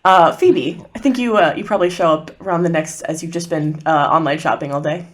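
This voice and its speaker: A woman's voice: sits low, fairly quick. A woman narrating as game master of a tabletop game, loose and chatty with frequent laughs.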